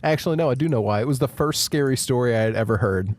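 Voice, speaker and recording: A man hosting a podcast, telling a creepy story in a wry, animated way. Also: mid-range voice, quick pace. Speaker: podcast host. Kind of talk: casual storytelling.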